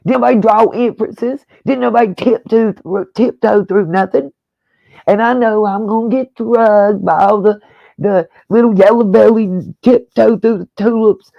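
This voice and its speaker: A woman vents in a blunt, profane rant, firing off pointed rhetorical questions. Her voice is gravelly and fried, and it sits close and dry with no room sound. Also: medium pitch, moderate pace, dry recording, dull audio. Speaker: true-crime YouTuber. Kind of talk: angry on-camera rant.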